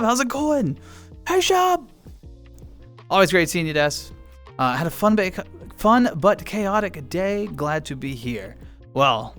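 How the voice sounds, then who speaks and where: A man's voice: a little high, a bit bright. A man, casually chatting with viewers on a live stream, reading chat aloud and laughing often.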